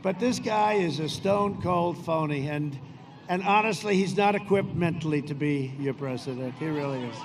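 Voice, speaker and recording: A man's voice: on the high side, moderate pace. A man giving a rambling, boastful campaign speech with mocking asides, outdoors on a cold, windy day. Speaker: political speaker at a rally. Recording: crowd and wind noise outdoors. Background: large crowd cheering.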